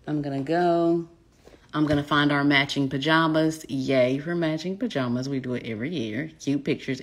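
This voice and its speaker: Southern woman, business coach, casual live-stream chat; husky, low, a little gravelly, smooth folksy delivery. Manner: folksy, says y'all often, smooth delivery.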